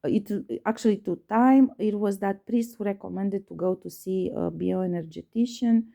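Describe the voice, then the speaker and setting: A woman recounting a personal story to her viewers in a low, gravelly voice with a dark, mellow tone. She hesitates often, restarts her sentences and fills pauses with ums. She leans hard on repetition and lets a curse slip when upset. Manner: emphatic, repeats herself. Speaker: vlogger.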